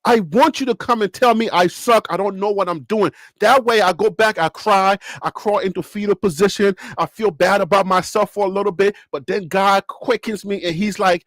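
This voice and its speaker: High-voiced, chatty male sports host. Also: moderate pace, few pauses, dry recording. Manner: chatty and animated, laughs often, swings his pitch up and down. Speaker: host of a sports talk live stream. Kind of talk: casual live-stream sports talk.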